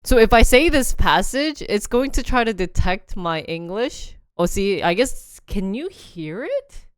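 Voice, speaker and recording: A woman's voice: medium pitch, big pitch swings, a little slow, clean tone, no echo, studio quality. A young woman hosting a casual livestream, chatting in a rambling way, laughing often and reading short passages aloud. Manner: reads sample passages aloud to a phone app. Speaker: livestream host.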